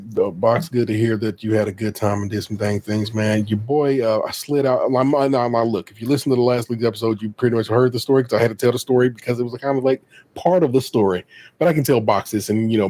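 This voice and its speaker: A middle-aged man with a husky voice hosts a casual podcast. He tells his story in an animated way, with an ordinary, mid-range pitch. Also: dry recording. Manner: animated, slips into high voices for quoted people. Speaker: podcast host.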